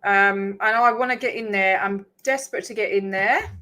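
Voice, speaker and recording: A woman's voice: mid-range voice, moderate pace, pushed and bright. A woman with an English accent carrying a slight Australian twang, chatting casually on a live stream, laughing often and swearing casually. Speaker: livestream host.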